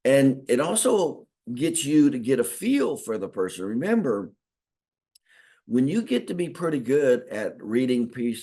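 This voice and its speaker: A man's voice: medium pitch, very animated, unhurried, dark tone. A man teaching chiropractors in a folksy, repetitive lecture, acting out bits of talk with patients. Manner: folksy, repeats himself, acts out patient talk. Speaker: chiropractic consultant teaching doctors. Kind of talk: spoken training lecture.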